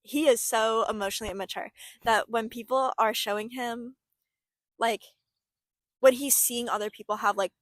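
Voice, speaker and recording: A young adult woman co-hosts a podcast, chatting casually and reflectively with plenty of "like" fillers. Her voice is a little high and fairly bright, with no room sound.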